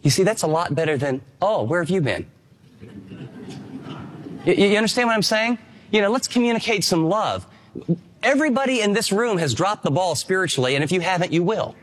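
A man's voice: high-pitched, animated, quick pace, fairly bright tone. A man preaching a sermon in an earnest, emphatic way, acting out bits of dialogue as he teaches. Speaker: pastor.

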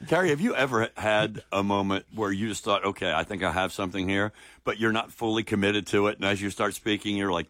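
Male radio host, low voice, teasing banter, dry studio. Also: brisk, fairly bright tone, dry recording. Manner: mocking, laughing, acts out voices. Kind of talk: casual chat.

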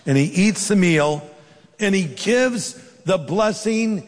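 A pastor delivers a sermon, his voice a touch higher than most men's. He tells the story with relish and slips into the characters' voices. A long reverb trails his words, as in a large hall. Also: lively intonation, slow pace.

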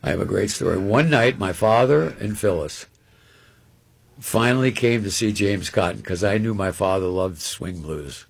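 A man telling a long anecdote on a radio show in an animated, rambling way, often repeating words. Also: lowish voice, moderate pace, vocal fry, slightly rough. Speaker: guest storyteller.

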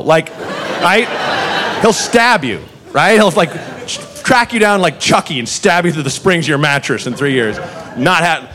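A man doing stand-up storytelling, animated and profane, acting out the people in his story. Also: a little high, normal speed. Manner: animated, profane, acts out characters. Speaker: stand-up comedian. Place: comedy club with live audience. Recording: live club recording with crowd noise.

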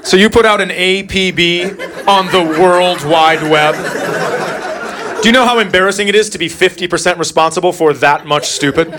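A middle-aged man telling a stand-up comedy story in a deadpan way, acting out his son's lines. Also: high-pitched, moderate pace, a loud crowd, heavy background noise.

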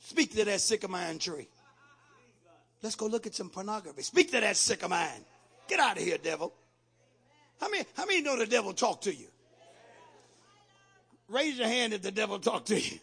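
High, raspy preaching man. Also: sing-song, moderate pace, long pauses. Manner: call-and-response preaching, rising to shouts. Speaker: pastor. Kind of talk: sermon.

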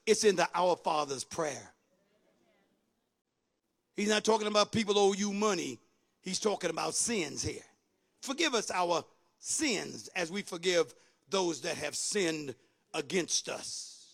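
A man preaching a sermon, swinging from loud shouted lines down to quick low muttering. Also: animated, creaky. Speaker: pastor.

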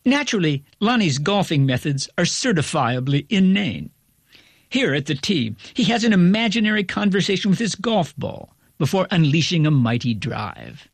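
A male critic reading a scripted review in a wry, articulate, measured way. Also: fairly high pitch, big pitch swings, dry recording.

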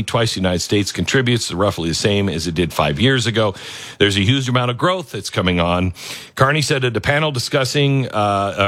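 A man hosting an opinionated news commentary, animated and sarcastic, often laughing. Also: mid-range voice, no echo, studio quality. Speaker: commentary show host.

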